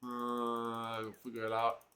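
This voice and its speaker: A man's voice: mid-range voice, completely flat delivery, a little slow, sharp tone, slight background noise. A man streaming an old computer role-playing game, thinking aloud casually with lots of filler words. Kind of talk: let's play commentary.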